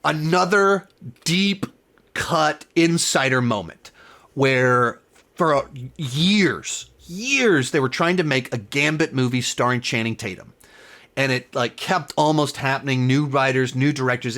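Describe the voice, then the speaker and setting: This film review host speaks at normal speed in a mid-range, fairly bright voice. He runs a casual spoiler review, rambling with enthusiasm and frequently fixing his sentences partway through.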